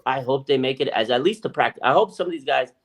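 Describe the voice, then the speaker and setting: A man co-hosting a podcast, chatting in a lively, casual way, swearing freely and acting out other people's voices. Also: medium pitch, fast talker. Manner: animated, swears freely, acts out quoted voices. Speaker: podcast co-host. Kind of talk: casual sports chat.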